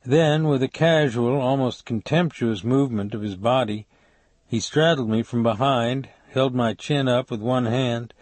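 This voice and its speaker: A man narrating an audiobook in a steady, measured way on a close mic. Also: mid-range voice, no echo. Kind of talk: scripted narration.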